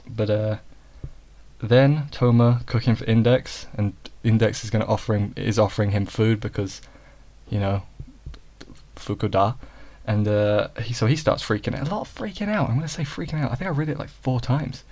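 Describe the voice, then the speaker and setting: A man's voice: mid-range voice, fairly even intonation, normal speed, darkish tone. A man giving a casual, rambling episode review, correcting himself and joking as he goes. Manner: rambling, self-correcting, jokey asides. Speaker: anime reviewer.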